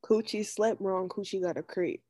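A woman's voice: mid-range voice, fairly even intonation, moderate pace, crowd noise. A woman in casual chat with friends, laid-back and dry while playing a rhyming word game.

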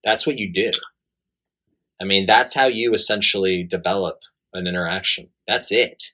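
Blunt man giving dating advice, bright tone. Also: low voice, moderate pace. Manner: blunt, emphatic, repeats himself. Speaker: dating coach. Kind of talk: casual advice talk.

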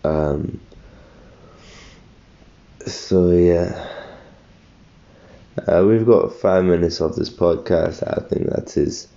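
Tired young man with a low, gravelly voice. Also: extremely slow, long pauses, dark tone, lo-fi sound. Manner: rambling, self-correcting, thinking aloud. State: just woken up, tired. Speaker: solo podcaster. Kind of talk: casual solo morning podcast.

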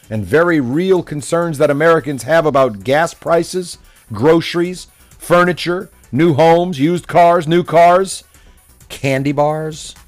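A man delivering a combative, mocking political opinion monologue as a commentator. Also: mid-range voice. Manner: mocking, combative, name-calling.

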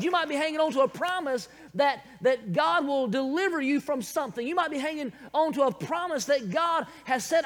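A man with a Southern American accent preaches in a strikingly high voice, calling "Amen?" out to his congregation. His words ring out with a long reverb, as in a big church hall. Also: a bit bright. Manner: calls out "Amen?" to the congregation, chuckles between points. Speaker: pastor. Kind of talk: sermon.

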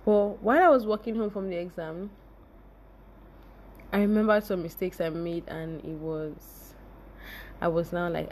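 A young woman hosting a podcast, telling a personal story in a lively, expressive way and laughing often. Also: on the low side, unhurried, long pauses, a little hiss or hum. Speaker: podcast host.

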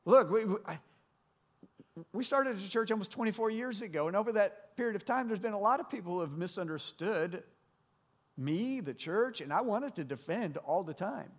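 A man's voice: high-pitched, expressive, moderate pace. A middle-aged male pastor preaching to a congregation in a conversational way, asking the room questions. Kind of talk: sermon. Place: church hall before a congregation.

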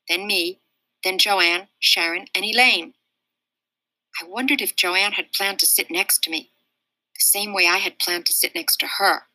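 A woman reading a children's novel aloud in a steady, expressive storytelling manner. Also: medium pitch, no room sound, rough recording. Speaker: reader.

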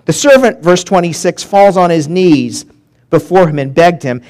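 A man preaching a sermon, reading scripture verses and explaining them to his congregation. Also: a little high. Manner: animated preaching with long pauses, reading scripture aloud. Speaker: pastor.

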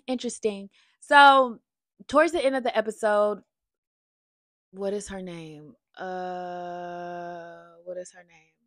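Casual woman reviewer, mid-range voice, dry and close, talks fast and gets loud when riled. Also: mid-range voice, dry recording. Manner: chatty, animated, gets loud when worked up. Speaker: reality TV reviewer.

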